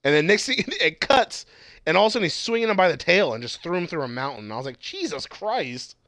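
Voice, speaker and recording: A man's voice: fairly high pitch, expressive, fast, pushed and bright, no echo, studio quality. A man in casual, heavily profane chat, laughing as he reads out his notes. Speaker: podcast co-host.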